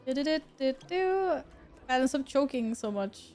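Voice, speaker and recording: A woman's voice: high-pitched, expressive, a little slow, a little mellow. A woman streaming a game, chatting casually with her viewers, laughing often and swearing now and then. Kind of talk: casual gameplay commentary.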